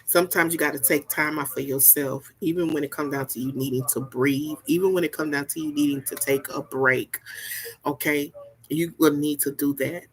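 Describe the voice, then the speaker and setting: Her voice is deep and slightly rough, fairly even in intonation and at normal speed. As a spiritual reader she talks in a casual, folksy, sermonizing way, repeating points and tossing in "okay?" again and again.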